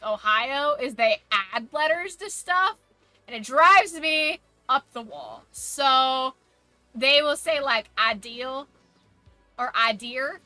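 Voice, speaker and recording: A woman streamer riffs opinionatedly over a game, her voice bright and a touch high. She rants and swears freely in loose, casual chat, with faint music playing behind her. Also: no room sound. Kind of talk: casual chat while gaming.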